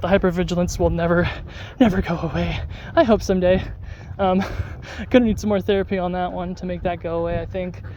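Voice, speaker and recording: An adult vlogger with a mid-range, darkish voice chats casually to the camera while walking a dog, with a faint hiss or hum in the background. The talk rambles, full of fillers and restarts.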